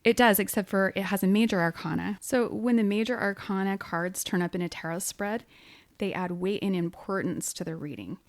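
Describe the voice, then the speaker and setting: A woman's voice: mid-range voice, fairly quick, no echo. A woman co-hosting a casual podcast, explaining tarot cards in a chatty, easy way with bursts of laughter. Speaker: podcast co-host, medium.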